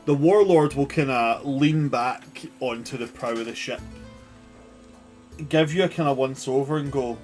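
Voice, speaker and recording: A man with a middle-pitched voice runs a tabletop game and narrates in an easy, unhurried way. He chuckles now and then, and faint music sits in the background. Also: darkish tone. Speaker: game master.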